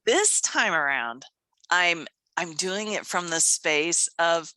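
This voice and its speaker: A woman in her fifties with a lowish voice speaks slowly as a podcast co-host in a casual chat. She is animated and enthusiastic, laughs often, and acts out quoted voices; the audio is poor but has no echo.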